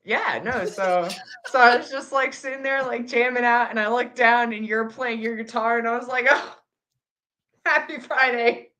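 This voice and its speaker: A woman's voice: a little high, moderate pace, pushed and bright, a little hiss or hum. A woman co-hosting a casual livestream chat, talking over a video call with lots of fillers and restarts. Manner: chatty, hesitant, filler-heavy. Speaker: co-host.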